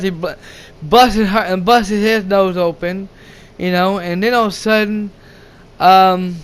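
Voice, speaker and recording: A man's voice: high-pitched, a bit bright, clear, resonant tone. A man recapping a movie plot in a casual, rambling way, full of restarts and swearing. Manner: repetitive, many restarts and swearing. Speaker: movie reviewer.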